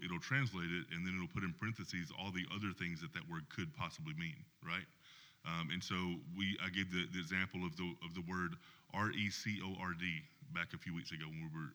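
A low-voiced man talks fast as a pastor on a church panel. His tone has a bright, forward edge, and he keeps checking in with the listener. The sound carries the long reverb of a large hall. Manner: explains with many "right?" checks.

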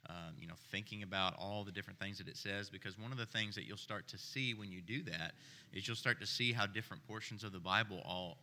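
A man with a low voice but a very bright, sharp tone speaks in a measured way as a pastor on a panel. The sound carries the long reverb of a large hall. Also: a little hiss or hum. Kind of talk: church panel discussion.

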